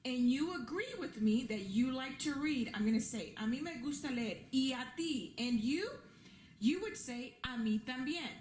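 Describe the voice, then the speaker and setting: A woman's voice: high voice, expressive, unhurried, a little mellow, slight background noise. A woman teaching a lesson, patiently repeating rules and examples and checking in with her students. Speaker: Spanish teacher. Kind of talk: classroom lesson with slides.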